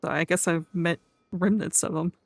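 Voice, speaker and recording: A woman's voice: lowish voice, steady tone, moderate pace, no echo. A woman roleplaying in a game, chatting in character, laughing often and acting out what others said. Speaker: roleplayer playing an outlaw character.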